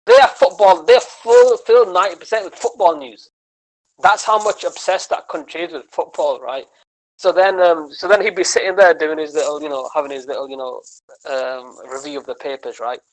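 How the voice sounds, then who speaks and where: A man, a comedian guesting on a podcast, telling animated, rambling stories in casual chat and tagging his lines with "man" and "right?". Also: a little high, brisk, rough recording. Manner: animated storytelling, rambling with many restarts.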